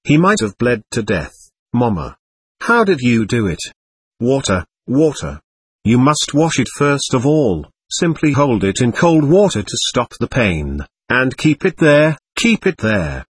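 Bossy teenage girl in a storybook reading, voiced by a man, husky and lively, urgent. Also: mid-range voice, moderate pace, no echo. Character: impetuous, imperious teenage girl.

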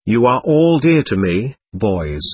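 A man reading the part of a gentle, earnest young man who speaks warmly and pleadingly to a group of boys, in a storybook reading. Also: mid-range voice, sing-song, slow, slightly rough, dry recording, heavily acted. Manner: warm, heartfelt, pleading.

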